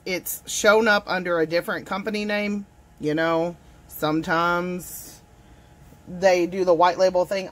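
Sitting at her home desk for a tea review vlog, a woman chats casually and gushes directly to her viewers. Her voice is fairly low in pitch with a fairly bright tone.

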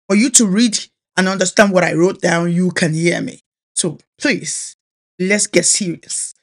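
A woman's voice: fairly low pitch, unhurried. A woman with a Nigerian accent, Yoruba by first language, preaching a sermon as a minister in an earnest, exhorting way, repeating her key phrases.

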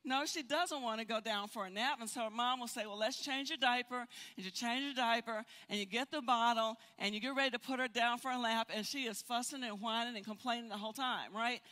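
An older woman teaching a Bible study, telling stories in an animated way and often repeating words. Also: fairly high pitch, fairly quick, few pauses. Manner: animated, storytelling with frequent repeats. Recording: hall reverb.

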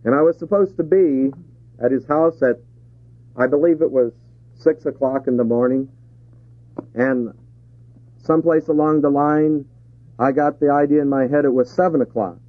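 A man's voice: on the high side, moderate pace, pauses often, no room sound. A man preaching a sermon to a congregation, asking rhetorical questions and chuckling between points. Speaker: pastor. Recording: tinny phone-like 1970s tape.

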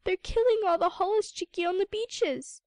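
A woman's voice: very high-pitched, normal speed, a little mellow, no echo, voice pushed up. A woman voicing a curious, frightened young male white seal in a storybook reading. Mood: distressed.

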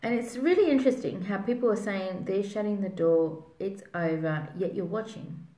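A woman's voice: medium pitch, normal speed, mellow. A woman psychic giving a spiritual reading in a rambling way, full of fillers. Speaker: psychic reader. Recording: roomy echo.

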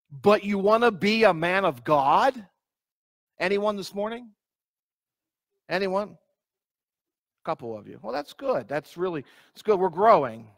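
A man with a high-pitched voice preaches a sermon as pastor, stressing and repeating key phrases and putting questions straight to his listeners. He reads scripture aloud in old-fashioned wording. The recording is dry, with no room echo. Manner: asks the congregation direct questions.

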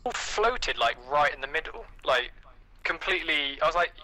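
A man giving quick tactical callouts to his teammates. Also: a little high, pushed and bright, slight background noise, poor audio. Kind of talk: casual team chat while gaming.

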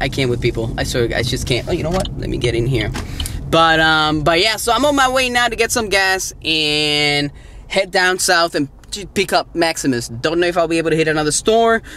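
A man in his thirties vlogging while toy hunting, talking to himself in stores and his car, excitable and given to muttering and Spanish exclamations. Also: fairly high pitch, normal speed, a little hiss or hum. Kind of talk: casual self-talk vlog.

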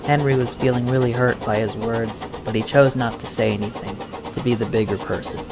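A man narrating a fan-made drama story in a plain, even storyteller manner, with music behind him. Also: medium pitch, fairly quick.

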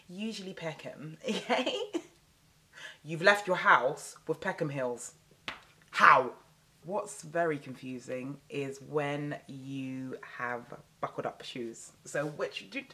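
A young woman ranting casually to camera in a vlog, animated and exasperated, repeating phrases for emphasis. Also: low voice. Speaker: vlogger.

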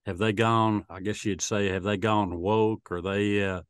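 A male interview host who asks halting questions full of fillers. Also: lowish voice, steady tone, smooth, dry recording.

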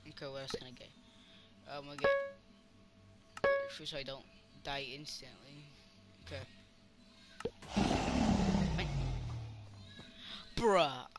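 A man's voice: mid-range voice, takes it slowly, long pauses, loud music behind the voice. A man giving casual gameplay commentary, rambling to himself and cheering his teammate on. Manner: excitable, rambling self-talk with cheering. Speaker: gamer.

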